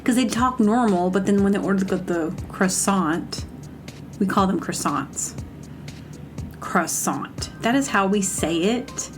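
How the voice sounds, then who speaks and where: A woman's voice: medium pitch, moderate pace, few pauses, music in the background. A woman hosting a comedy show, ranting in a rambling, exasperated casual monologue that stops and corrects itself.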